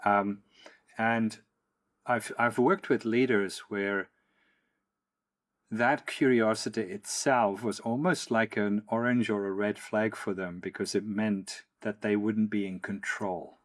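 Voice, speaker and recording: Low-voiced Dutch-raised male host. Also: fairly even intonation. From Netherlands. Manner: measured, reflective, frequent hums of agreement. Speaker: podcast host, coach. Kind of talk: conversational interview.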